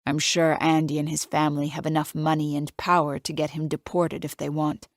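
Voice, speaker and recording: A woman's voice: sits low, little pitch movement, brisk, no room sound, studio quality. A woman reading a thriller audiobook in the first person, present tense, as a tense, confiding inner monologue. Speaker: audiobook narrator.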